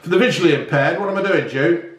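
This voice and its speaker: This cooking vlogger talks fast in a slightly high voice, bantering with viewers and dropping swear words while he makes food at home. The space he's in sounds echoey.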